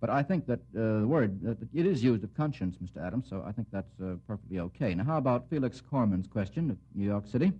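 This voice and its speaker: A man hosts a radio quiz in a slightly husky voice, genially calling on panelists by name with a wry touch. The sound is dull and muffled, like a 1940s broadcast. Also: lowish voice, lively intonation, fast talker, hardly any pauses. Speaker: quiz show host.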